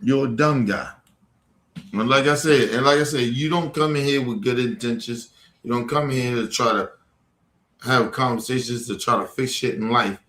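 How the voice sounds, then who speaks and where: A man's voice: mid-range voice, normal speed, fairly bright tone, a little hiss or hum. A man hosting a livestream, confronting trolls in the chat in a heated, profane rant. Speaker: livestream host. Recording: echoey room.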